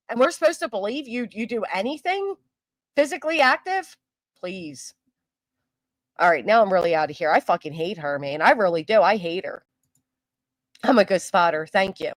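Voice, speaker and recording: A woman's voice: a little high, fairly bright tone, no echo, poor audio. A woman hosting her commentary channel, ranting in a heated, profane, scolding way. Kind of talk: angry commentary rant.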